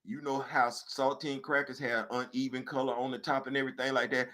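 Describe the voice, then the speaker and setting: Speaking fairly quickly, a man hosting a talk show spins a comedic story with lots of energy. His volume swings from muttering low to shouting, and he repeats phrases for emphasis.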